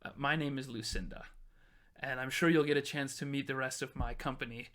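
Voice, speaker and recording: A man voicing a gracious woman who leads a company and welcomes guests softly. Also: medium pitch, fairly even intonation, fairly quick, lightly acted.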